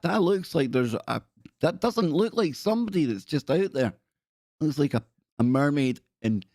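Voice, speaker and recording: A man's voice: mid-range voice, darkish tone, no room sound, studio quality. A Glaswegian man from Scotland hosting a live stream, chatting in a jokey, rambling way and often breaking off mid-sentence. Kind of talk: casual live-stream chat.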